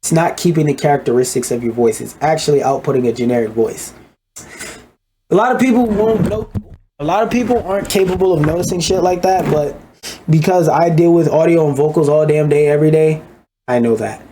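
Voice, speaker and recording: A man's voice: on the high side, brisk, background noise. A man giving a blunt, profane, ranting commentary as he reacts to a video.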